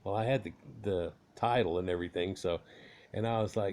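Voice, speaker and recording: A man's voice: sits low, fairly quick, darkish tone. Folksy man rambling through a story. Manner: rambling, folksy, swears casually. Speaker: car owner telling a story. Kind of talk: casual storytelling.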